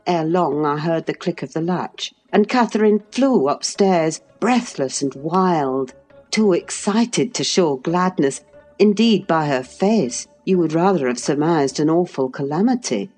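A woman narrating a classic novel as an audiobook, measured and expressive. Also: deep voice, soft background music. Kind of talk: classic novel read aloud.

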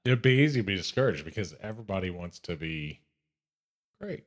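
A very deep-voiced man with a Texan accent speaks earnestly and reflectively in a casual faith podcast conversation. His delivery is unhurried and sincere. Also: big pitch swings. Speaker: podcast co-host.

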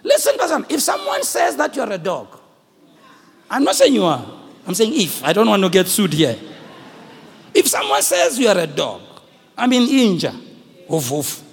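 South African man preaching in a reverberant church hall, high lively voice with a gravelly edge, playful and fervent. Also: moderate pace, long pauses, a little hiss or hum. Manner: animated, shouts at peaks, joking with the congregation. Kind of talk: sermon. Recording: long echoing hall reverb.

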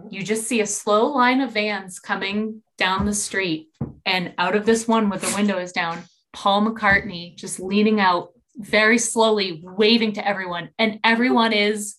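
Animated young woman with a bright voice. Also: unhurried. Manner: animated storyteller, acts out quotes with big jumps in pitch. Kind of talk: casual chat.

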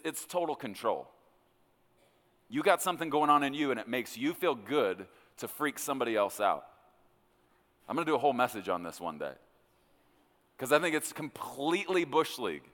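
Pastor preaching in a reverberant church hall. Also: male voice, mid-range voice. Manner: conversational and animated, with frequent stammered restarts. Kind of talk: sermon.

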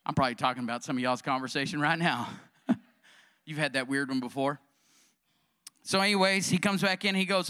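A man's voice: fairly high pitch, brisk, long pauses, pushed and bright, clean tone. A male pastor preaching a fervent sermon in a church, rousing the congregation with call-and-response questions. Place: church sanctuary.

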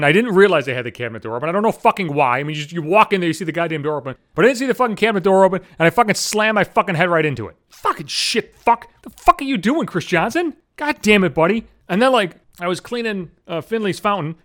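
Fast-talking swearing man ranting. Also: high-pitched, expressive, fairly bright tone. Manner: profane, frustrated rant. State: grieving. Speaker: podcast host. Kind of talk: solo podcast monologue.

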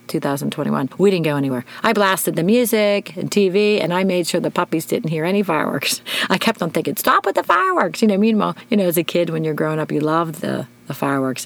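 A middle-aged woman hosting a podcast, telling a personal story in an emotional, animated way. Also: deep voice. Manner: emotional, animated retelling with shouted quotes. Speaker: podcast host.

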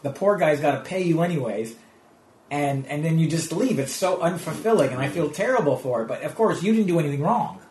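A Canadian man, a stand-up comedian, chatting casually and telling stories with lively asides. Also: a little high, brisk, roomy sound. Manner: animated storytelling with restarts and quoted asides. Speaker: comedian guest. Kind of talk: casual conversation.

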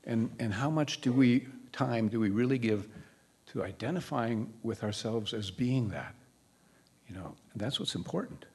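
A man's voice: mid-range voice, expressive, moderate pace, a little mellow, husky. A male minister preaching a sermon in a conversational way, often asking the congregation questions. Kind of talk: church sermon.

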